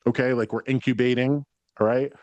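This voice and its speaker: A man's voice: medium pitch, steady tone, a little fast, darkish tone, dry recording, highs cut off. Rambling man giving a psychic reading. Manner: rambling, hesitant, frequent ums and likes, swears when relaying spirits. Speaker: psychic medium. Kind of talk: spirit reading to a sitter.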